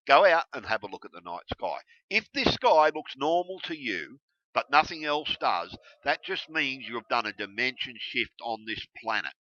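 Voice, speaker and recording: A man ranting heatedly to camera, swearing constantly and breaking into yelled bursts. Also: mid-range voice, big pitch swings, moderate pace, no echo. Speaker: video blogger. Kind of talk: angry profane rant to camera. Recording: dull lo-fi recording.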